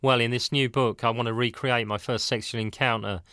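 A man's voice: mid-range voice, fairly even intonation, brisk, bright, forceful tone, clear, resonant tone, no room sound, studio quality, close to an everyday voice. A man reading a scheming male writer. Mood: coaxing. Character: scheming male writer and band manager, persuasive.

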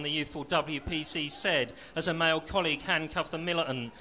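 A man, a novelist, reading aloud from his own novel in a dry, measured storytelling manner. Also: fairly high pitch, sharp tone.

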